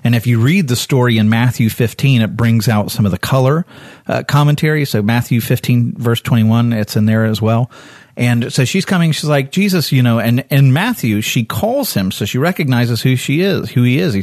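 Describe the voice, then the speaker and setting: A man teaching a Bible passage in a conversational sermon. He is candid, corrects himself as he goes, and acts out the people in the story with sudden jumps in pitch. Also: moderate pace, a little mellow, no room sound, studio quality. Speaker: preacher.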